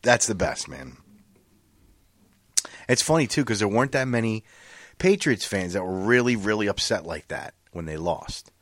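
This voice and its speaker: A man's voice: on the low side, normal speed, long pauses, no echo, clean studio sound. A man hosting a podcast, telling funny stories in a casual, profane way and acting out what people said. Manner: animated, profane storytelling with acted-out quotes. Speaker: podcast host. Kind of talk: casual chat.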